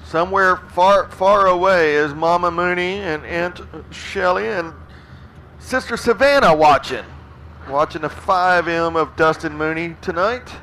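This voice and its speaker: A man announcing a race at an outdoor track, with folksy, excitable play-by-play calls. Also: sits high, measured pace. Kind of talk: live race commentary. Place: outdoor racetrack. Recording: noisy outdoor track, engines behind.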